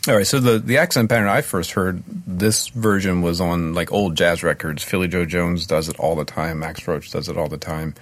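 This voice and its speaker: Very deep-voiced podcast co-host. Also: male voice, moderate pace, few pauses, no echo. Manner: laughs easily, explains patterns step by step. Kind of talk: casual chat.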